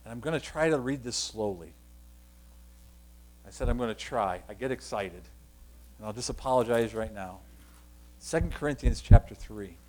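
A man preaching a sermon, explaining scripture with rhetorical questions, swinging between hushed passages and loud emphatic ones. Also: medium pitch, animated, moderate pace, pauses often.

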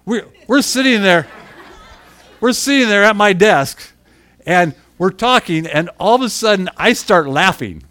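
A man, a middle-aged pastor, telling a personal story in his sermon, dropping to hushed asides and then building to loud, emphatic bursts, chuckling at himself along the way. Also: high voice, expressive, a little slow, some chatter behind. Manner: self-deprecating, chuckles through his story.

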